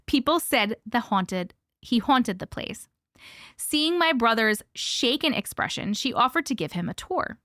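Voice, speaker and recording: Chatty woman on a live stream, kinda high voice, reads spooky stories w/ little hushed pauses, dead dry close mic. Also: animated, no room sound. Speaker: host reading viewer stories. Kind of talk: casual live-stream chat and story reading.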